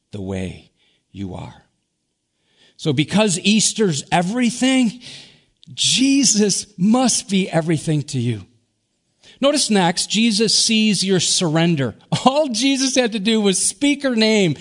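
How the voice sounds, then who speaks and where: A middle-aged pastor from Wisconsin preaching a sermon, earnest, often sinking to a hushed soft emphasis. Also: male voice, on the high side. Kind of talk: Easter sermon.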